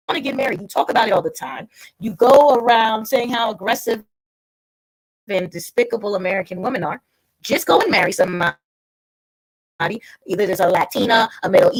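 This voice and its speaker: A woman's voice: on the high side, creaky, husky, poor audio. A woman hosting a casual livestream, talking bluntly and lecturing a viewer. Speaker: livestream host.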